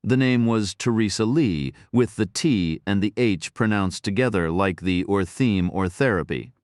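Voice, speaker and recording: A man reading a thriller audiobook in first person, steady and matter-of-fact. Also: fairly low pitch, a little slow, no room sound, clean studio sound. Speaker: audiobook narrator.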